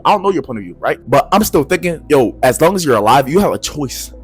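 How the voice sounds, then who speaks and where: A young man giving a profane, slangy advice rant to camera, swinging between low mutters and loud shouts. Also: expressive, quick pace, breathy edge, faint music behind. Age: young adult. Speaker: vlogger.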